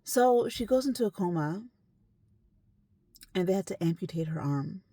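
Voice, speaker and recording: A woman's voice: on the low side, lively intonation, normal speed. A young adult woman telling a story in a casual, emphatic, conversational way. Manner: conversational, emphatic, sometimes hushed. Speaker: esthetician telling a client's story.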